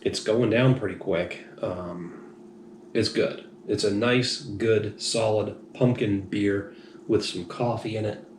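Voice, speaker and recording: Man, slightly tipsy, rambling frank beer reviewer, low-ish voice, roomy echo. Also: fairly even intonation, takes it slowly. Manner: rambling, frank, self-deprecating. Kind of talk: casual review monologue. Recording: echoey room, faint noise.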